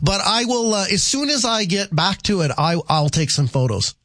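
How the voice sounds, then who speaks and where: Fairly high-voiced radio host. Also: male voice, expressive, normal speed, fairly bright tone, dry recording, clean studio sound. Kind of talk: radio talk show hosting.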